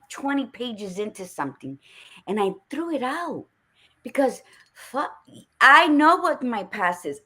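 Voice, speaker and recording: A woman hosting a casual talk podcast, with a bright, forceful voice. She is blunt and curses freely, and she tells her stories with lively energy. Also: mid-range voice. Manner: blunt, swears freely, animated storytelling. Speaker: podcast host. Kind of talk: casual conversation.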